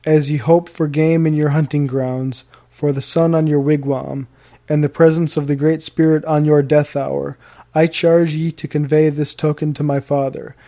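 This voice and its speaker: A man's voice: fairly high pitch, flat delivery, normal speed, dark tone, no echo, natural voice. A man reading Magawiska, a solemn young woman. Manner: solemn, formal pleading. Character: proud young Native chief's daughter, anguished.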